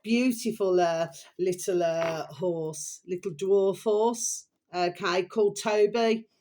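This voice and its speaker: A woman chatting in a rambling, affectionate way, repeating pet phrases and dropping into soft asides while recommending videos. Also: medium pitch, slow, a little hiss or hum. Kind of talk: rambling casual vlog chat.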